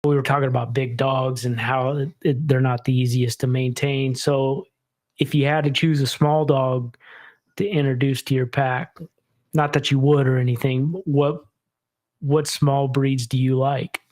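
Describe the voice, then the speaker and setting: A man's voice: medium pitch, level tone, measured pace, a little mellow. A man hosting a podcast, asking his guest questions in an easygoing, conversational way. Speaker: podcast host. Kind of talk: interview questions.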